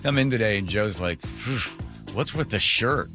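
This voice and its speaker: A man hosting a talk radio show in a studio, chatting casually and telling stories, acting out quotes in a high voice and laughing often. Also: normal speed, over music. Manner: animated storyteller, acts out quotes in a high voice, laughs a lot. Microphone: studio microphone.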